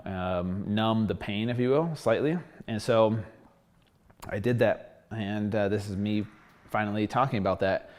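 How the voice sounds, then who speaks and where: A man's voice: fairly low pitch, darkish tone. A man talking candidly in a casual video diary, rambling with lots of fillers and sounding short of breath. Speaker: fitness vlogger.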